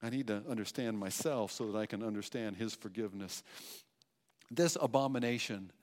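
A man's voice: fairly low pitch, moderate pace, a little mellow. A man preaching a sermon, emphatic, asking rhetorical questions and repeating phrases. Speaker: pastor. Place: church hall. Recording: long hall reverb.

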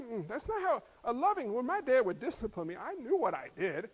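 A middle-aged man preaching a sermon, animated and acting out voices as he tells stories. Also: very high-pitched, brisk, hardly any pauses. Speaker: pastor.

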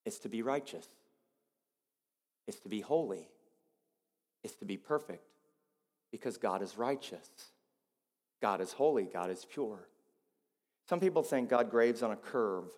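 A man preaching a sermon as pastor, swinging between quiet, low passages and loud, emphatic ones. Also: lively intonation, measured pace, long pauses, long reverb tail.

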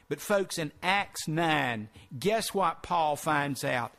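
A male pastor preaches with a notably high-pitched voice. His delivery is earnest and emphatic, and he keeps pressing his listeners with rhetorical questions. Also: expressive, slow pace, hardly any pauses, a bit bright. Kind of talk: sermon.

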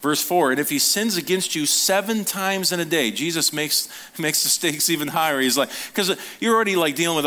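A man's voice: on the high side, moderate pace, sharp tone. A man preaching a sermon as a pastor, talking casually with the congregation, asking them questions and briefly acting out the voices of the people he quotes.

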